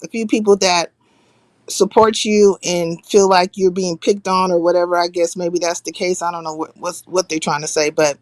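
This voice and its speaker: A woman hosting a casual live stream, talking bluntly and swearing freely, pausing to shout out viewers by name. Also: fairly low pitch, flat delivery, no room sound.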